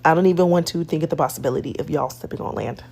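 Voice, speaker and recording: Low raspy-voiced woman talking casual, kinda hesitant. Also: very fast, a little mellow. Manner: hesitant, restarts often. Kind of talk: casual commentary.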